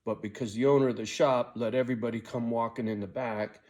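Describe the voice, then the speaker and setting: A plain-spoken middle-aged man with an ordinary mid-pitched voice tells a personal story. He swears freely and keeps checking in with "right?". His tone swings from angry heat to a quiet, weary calm. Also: quick pace. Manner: blunt, heavy swearing, frequent "right?" tag. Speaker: vlogger telling a personal story. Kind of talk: casual storytelling monologue.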